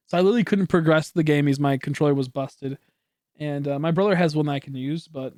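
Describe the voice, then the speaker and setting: A young man chatting casually on a home stream, his voice sitting a little high for a man. He rambles, corrects himself and swears offhandedly, with a cough now and then. The sound is dry and close, with no room echo. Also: darkish tone. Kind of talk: casual chat.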